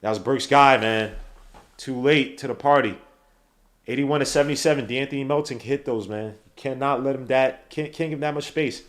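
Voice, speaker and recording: A man hosting a live watch-along podcast, calling the basketball game play by play with slangy, excitable talk that breaks into shouts at big plays. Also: medium pitch, a little fast. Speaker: podcast host doing play-by-play.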